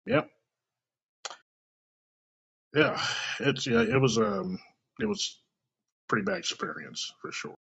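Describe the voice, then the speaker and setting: A man from Kansas City, chatting casually on a podcast and telling a story with lively quoted voices and a husky, gravelly tone. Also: a little high, slow, long pauses. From Kansas City, United States. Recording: dull lo-fi recording.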